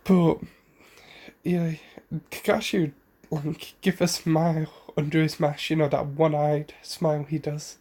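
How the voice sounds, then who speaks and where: A man's voice: on the high side, flat delivery, measured pace, mellow. A man casually retelling a fan story, rambling with fillers, self-corrections and the odd cough.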